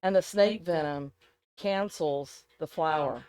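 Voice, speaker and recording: A woman co-hosting a casual podcast chat, rambling and animated, often laughing as she talks. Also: sits low, slow pace, smooth, soft background music, rough recording. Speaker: podcast co-host.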